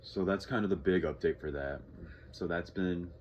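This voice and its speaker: A man's voice: sits low, normal speed, darkish tone, lo-fi sound, a little hiss or hum. A young man from Texas talking casually in a vlog, rambling, swearing freely and sighing often. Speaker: vlogger.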